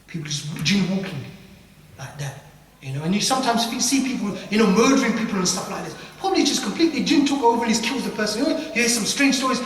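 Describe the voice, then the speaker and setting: Male religious teacher, animated and quick, high-ish voice; distant, reverberant mosque-hall recording. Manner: animated, acts out dialogues, uses Arabic phrases. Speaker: ruqya teacher. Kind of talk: informal religious lecture. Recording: echoey hall from far off, faint noise.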